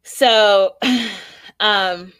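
A woman's voice: medium pitch, extremely slow, fairly bright tone, clean tone, no echo. Opinionated woman recapping reality TV. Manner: opinionated, full of rhetorical questions. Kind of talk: casual recap commentary.

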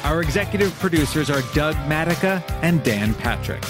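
A man hosting a podcast, reading the closing credits in a measured, deadpan way. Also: a little high, music in the background. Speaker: podcast host and producer.

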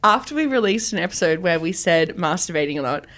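A woman's voice: fairly low pitch, animated, quick pace, a bit bright. A woman co-hosting a casual podcast, frank and playful, with frequent giggles. Her voice swoops up and down. She is heavily pregnant. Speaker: podcast co-host. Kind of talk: casual chat.

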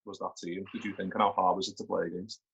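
A man hosting a podcast, asking eager questions quickly with many restarts. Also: low-pitched, little pitch movement, gravelly, a bit bright, slightly rough, highs cut off. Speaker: podcast host. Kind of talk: casual podcast interview.

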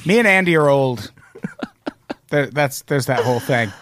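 A man's voice: medium pitch, lively intonation, moderate pace, fairly bright tone, no room sound, clean studio sound. A man in his thirties hosting a casual podcast chat, joking and swearing freely. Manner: jokey, swears casually, does goofy voices. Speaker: podcast host.

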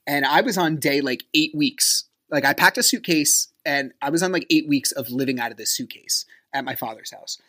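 A man hosting a podcast, telling a personal story in a casual, conversational way. He fills his talk with fillers, sounds wry and exasperated, and acts out quoted dialogue with big jumps in pitch. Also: normal speed, hardly any pauses, pushed and bright. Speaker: podcast host.

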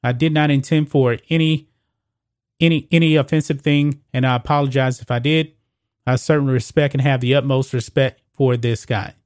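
This sports commentary host, with a medium-pitched, steady, darkish voice, speaks at a moderate pace in a clean studio recording without echo. He runs his own sports opinion channel, addressing viewers casually and reading news reports aloud with stumbles and restarts.

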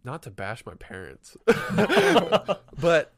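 A young man, podcast co-host, telling lively childhood stories in casual chat, often laughing and saying "like". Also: medium pitch, brisk. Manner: animated, laughing storyteller, many "like"s.

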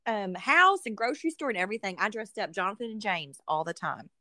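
A woman with a mid-range voice hosts a relaxed chat, bubbly and quick to laugh. Her questions are playful and teasing. The recording is dry, with no room echo. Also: medium pitch. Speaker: host. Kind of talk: casual chat.

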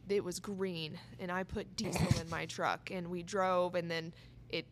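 A woman telling a road-trip story in a casual chat, lively and laughing, acting out what people said. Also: fairly low pitch, measured pace, slight background noise. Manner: animated, laughing, acts out quotes. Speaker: guest, barrel racer.

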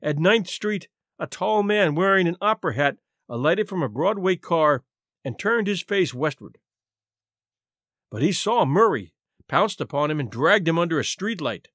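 A man's voice: a little high, lively intonation, fairly bright tone, no echo, studio quality. A man narrating a classic short story as host of a story podcast. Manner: measured storytelling.

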